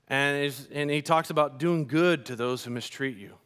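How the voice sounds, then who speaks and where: A man preaching a sermon as a pastor, telling stories in a conversational, animated way with casual slang. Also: fairly high pitch, moderate pace, few pauses, smooth. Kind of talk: sermon with storytelling.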